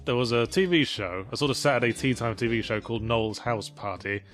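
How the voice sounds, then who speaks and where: A man's voice: medium pitch, a little fast, fairly bright tone, faint music behind. A man from Britain co-hosting a let's play, chatting with dry, crude humor. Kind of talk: casual gaming chat.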